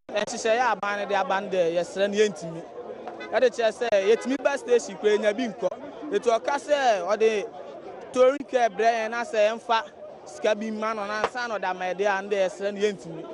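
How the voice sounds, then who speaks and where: A Ghanaian driver with a fairly high voice explains matter-of-factly in a street interview. A crowd is clearly audible around him outdoors. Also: male voice, brisk. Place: busy outdoor lorry station.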